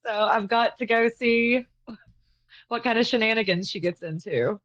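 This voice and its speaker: Bright-voiced woman on a dull call line. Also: on the high side, moderate pace. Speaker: player. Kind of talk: in-character tabletop play.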